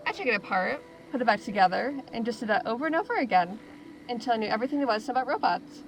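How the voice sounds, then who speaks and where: A woman voices a playful young female tech trader in a video game, a merchant who builds robots and chats in a teasing, jokey way. Her voice is on the high side, animated and fast, on a rough recording with a little hiss or hum.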